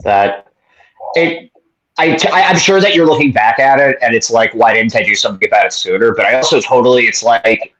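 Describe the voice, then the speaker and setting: A man co-hosting a baseball podcast, asking halting, repeated questions and dropping in supportive reactions. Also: mid-range voice, a bit bright, poor audio. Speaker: podcast co-host. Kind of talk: casual interview chat.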